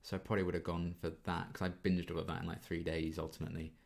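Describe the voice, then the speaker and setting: In a relaxed Q&A, this twenty-something YouTube reaction host reads questions from viewers and rambles through replies peppered with ums. His low-pitched, creaky voice is flat in delivery and fast.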